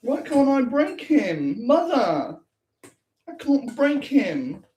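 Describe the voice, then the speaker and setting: A man voicing a whiny grown son who pleads with his mother in a high, whimpering voice. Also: very animated, takes it slowly, dark tone, a little hiss or hum, heavily acted. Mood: pleading.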